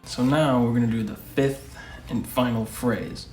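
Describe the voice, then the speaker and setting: A man hosting a casual lesson who speaks patiently and repeats each phrase slowly. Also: mid-range voice, darkish tone. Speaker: language teacher, channel host. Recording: echoey room with faint music.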